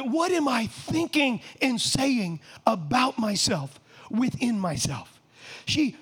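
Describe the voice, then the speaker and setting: Middle-aged male preacher, very high voice, fervent sermon delivery with shouted peaks. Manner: impassioned, rising to shouts, rhetorical questions to the congregation.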